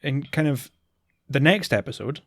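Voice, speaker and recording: A man's voice: medium pitch, expressive, moderate pace, fairly bright tone, no room sound. Chatty man recapping, dry close sound. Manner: chatty, recaps plot with frequent fillers. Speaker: podcast co-host. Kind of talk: casual chat.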